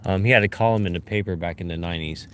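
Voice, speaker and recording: A man's voice: low voice, very fast, fairly bright tone, clear, resonant tone. A man vlogging outdoors on a hillside, talking to his viewers as he searches and bursting into glee over each find. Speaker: vlogger hunting fossils. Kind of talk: casual talk to camera while searching.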